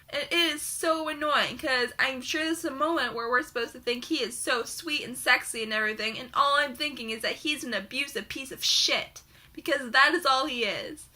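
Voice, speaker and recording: Bright-voiced young woman ranting, swearing. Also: high voice. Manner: heated, sarcastic, swears constantly. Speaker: book reviewer. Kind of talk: profane book rant.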